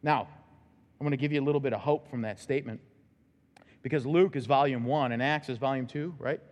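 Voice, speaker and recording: A male pastor preaching a sermon in a church, emphatic, with sudden loud, high bursts. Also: brisk, long reverb tail. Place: church sanctuary.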